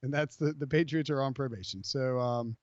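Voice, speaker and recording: A man hosting a sports podcast in casual chat, animated and rambling, full of fillers and self-corrections. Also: medium pitch, a little fast, no echo. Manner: animated, rambling, jokey with many fillers and restarts. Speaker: podcast host. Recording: dry, slightly dull podcast audio.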